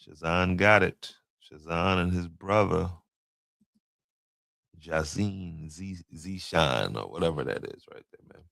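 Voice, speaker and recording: Male podcast host, low gravelly voice, dry close sound, casual slangy commentary. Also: slow pace, pauses often, a bit bright, dry recording. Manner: loose slangy storytelling, stumbling over names.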